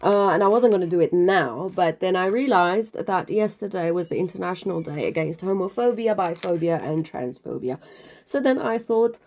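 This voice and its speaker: A woman's voice: lowish voice, expressive, moderate pace, a little mellow. A woman talking to the camera in a casual monologue, emphatic and preachy, calling listeners darling and sounding slightly out of breath. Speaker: spiritual video creator.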